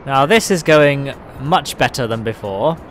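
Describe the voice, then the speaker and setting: Guy streaming a game live, slow easy talk, laughs a lot, chats to viewers. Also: mid-range voice, expressive, a little hiss or hum. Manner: chatty, chuckling, talks to viewers. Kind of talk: live gameplay commentary.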